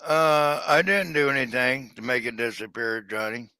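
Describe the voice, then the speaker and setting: A man's voice: mid-range voice, normal speed, bright, forceful tone, clear, resonant tone, no room sound. A man chatting casually to his livestream audience, rambling with many fillers and restarts. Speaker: livestream seller.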